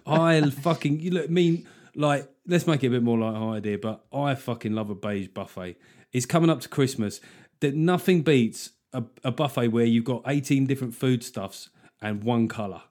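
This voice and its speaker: A man hosts a comedic podcast, with a mid-range voice. He talks in an animated, joking way and swears freely. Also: mid-range voice, normal speed. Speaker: podcast host.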